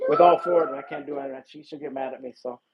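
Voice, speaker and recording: A man's voice: medium pitch, steady tone, fast talker. A man from Illinois, a police detective, chatting casually and laughing easily with viewers on a phone livestream outdoors at night. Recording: dull lo-fi phone stream with background noise.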